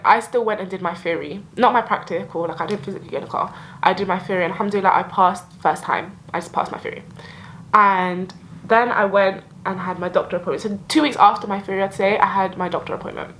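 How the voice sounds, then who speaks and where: A woman's voice: medium pitch, a little fast, a bit bright, a little hiss or hum, rough recording. A young woman in a reflective year-end vlog, talking in a heartfelt, emotional way with lots of filler likes. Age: young adult. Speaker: vlogger.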